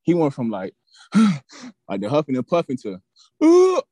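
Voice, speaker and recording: A young man tells his story in a loose, streetwise way. He swears freely and keeps it lively. His voice sits at a middling pitch, and the recording is close and dry. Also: normal speed, dry recording. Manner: animated, profane, streetwise storytelling. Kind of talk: casual storytelling.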